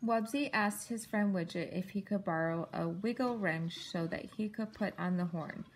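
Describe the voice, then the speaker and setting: A woman reads a children's picture book aloud at home in a clear, patient storytelling manner. Her voice sits at an ordinary pitch with a touch of vocal fry. A faint background hiss runs under the recording. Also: moderate pace, poor audio. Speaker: parent reading to a child.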